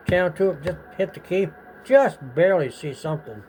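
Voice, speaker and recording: A man's voice: sits high, animated, normal speed, a little mellow, slight background noise, rough recording. Rambling older man telling an old story. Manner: rambling, profane, acts out quoted voices. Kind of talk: casual storytelling.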